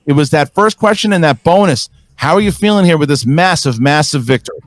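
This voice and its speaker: Excitable male show host. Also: a little high, brisk, dry recording. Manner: excitable, hype commentary. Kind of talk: post-match show hosting.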